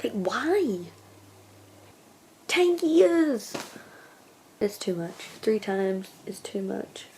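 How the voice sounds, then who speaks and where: A young English woman talking casually in a video diary, gushing and excitable, often sighing and sometimes dropping to a hushed near-whisper. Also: mid-range voice, extremely slow, long pauses, slight background noise. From England. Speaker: vlogger.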